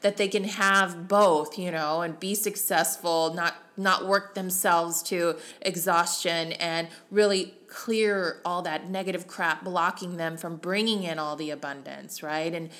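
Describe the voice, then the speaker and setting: A woman's voice: lowish voice, steady tone, unhurried, few pauses, fairly bright tone. A middle-aged woman, a mindset coach, talking earnestly and emotionally about self-talk in a motivational solo talk. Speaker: mindset coach for real estate agents.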